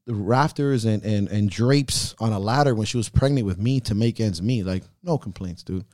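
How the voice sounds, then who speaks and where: A man's voice: on the low side, moderate pace, a little mellow, no room sound, studio quality. A man hosting a podcast, telling heartfelt personal stories in casual talk full of swearing. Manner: profane, heartfelt storytelling. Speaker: podcast host.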